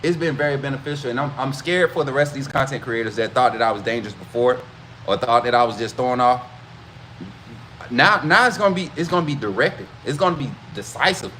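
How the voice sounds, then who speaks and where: A man hosting a casual football livestream, talking straight to his chat with animated, repetitive hype. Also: medium pitch, quick pace, a little hiss or hum. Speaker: host of a college football livestream.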